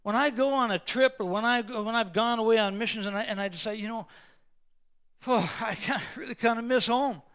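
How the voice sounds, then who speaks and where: A man preaching a sermon as the pastor, moving between quiet, conversational asides and loud, slow, emphatic declarations. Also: very high voice, smooth.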